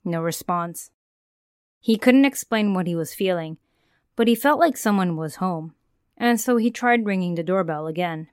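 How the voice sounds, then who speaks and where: Woman podcast host telling scary tales, smooth and dry-miked, calm and conversational. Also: lowish voice, normal speed, no echo. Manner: calm storyteller who asks the listener questions. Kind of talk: scripted narration of a horror story.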